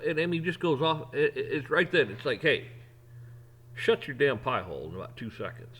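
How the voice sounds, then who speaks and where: A man's voice: on the high side, lively intonation, brisk. Blunt man ranting with salty language. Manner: blunt, profane, heated; repeats words and restarts when worked up. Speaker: podcast host. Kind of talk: opinion rant.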